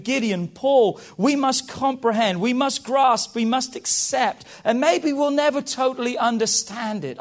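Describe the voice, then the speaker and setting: Male pastor, high-pitched, sermon delivery, rhetorical, hushed-to-emphatic swings. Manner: preaching with big swings between hushed and emphatic; rhetorical questions and repeated phrases.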